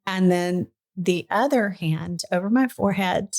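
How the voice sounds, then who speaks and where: A middle-aged woman hosting a podcast, telling a personal story in casual chat, lively and earnest, at times emotional. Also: fairly low pitch, measured pace. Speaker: podcast host.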